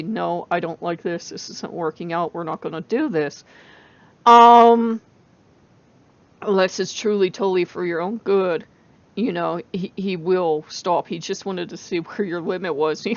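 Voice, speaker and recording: A woman's voice: mid-range voice, no room sound. Tired woman vlogger laughing between words. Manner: laughs often, rambling with fillers. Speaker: channel host. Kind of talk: casual spiritual vlog chat. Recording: dull lo-fi dry recording.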